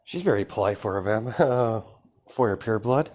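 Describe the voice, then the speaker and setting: A man's voice: fairly low pitch, expressive, normal speed, a little mellow. A man playing a blunt werewolf envoy. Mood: wary. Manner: offhand, hesitant improvised delivery.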